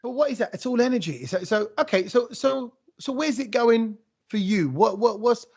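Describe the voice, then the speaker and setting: A man hosting a podcast, telling stories in a rambling, animated way with lots of restarts. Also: very high-pitched, moderate pace, vocal fry, husky. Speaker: podcast host. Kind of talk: casual conversational interview.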